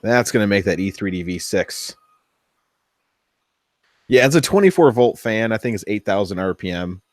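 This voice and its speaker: A man hosting a casual workshop build vlog, chatty and thinking aloud as he tests his machine, easily excited when something works. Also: lowish voice, normal speed, no room sound. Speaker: 3D printing hobbyist host.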